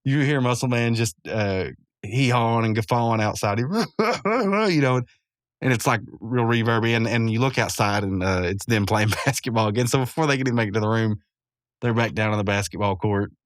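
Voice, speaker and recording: A man's voice: mid-range voice, a little fast. A man in the middle of his vocal range rambles through an episode recap, chuckling often and correcting himself. His delivery is loose and conversational. The sound is dry and close to the mic, with no room echo. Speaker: podcast host.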